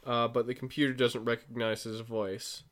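Podcast guy retelling a movie plot, smooth clear voice, lots of ums and restarts. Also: medium pitch, level tone, normal speed, fairly bright tone. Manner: rambling, filler-heavy storytelling with self-corrections. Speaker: podcast host. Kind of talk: casual movie recap chat.

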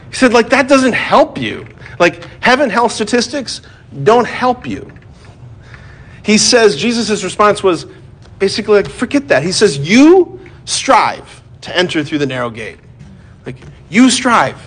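A man preaching a sermon in a conversational way, often saying "like" and "right?", moving from joking asides to hushed, grave emphasis. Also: high-pitched, husky.

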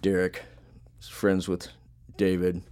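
A deep, clean-toned, slightly mellow voice with completely flat delivery, taken slowly. The man, a punk musician who hosts a podcast, chats casually and tells long rambling stories full of swearing and filler words, laid-back throughout.

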